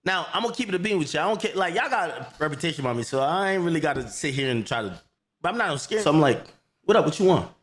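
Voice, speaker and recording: A man's voice: on the high side, very animated, rapid-fire. A man telling a story in a heated rant, swearing, repeating himself and quoting others. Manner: swears a lot, repeats himself, grows loud and shouting.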